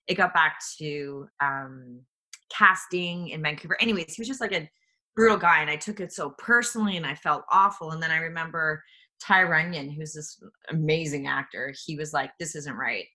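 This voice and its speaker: A woman in her forties, an actress telling candid stories in conversation, animated, with frequent restarts. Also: low voice, normal speed. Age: 40s. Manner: animated, restarts often, acts out quoted people. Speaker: actress guest.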